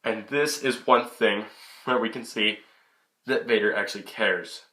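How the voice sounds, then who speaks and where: A man's voice: on the low side, a little slow. A young man giving a casual, chatty film review into his camera. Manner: chatty, excitable, many restarts. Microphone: camera mic.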